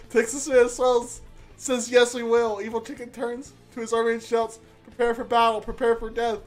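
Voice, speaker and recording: A man's voice: very high-pitched, fairly even intonation, moderate pace, faint music behind. A man streaming live, reading an AI-made story aloud and laughing often as he goes.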